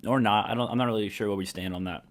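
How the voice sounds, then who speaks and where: A man's voice: fairly low pitch, fairly even intonation, racing. A young man co-hosting a live show, tossing out jokey comebacks in casual banter. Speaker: co-host.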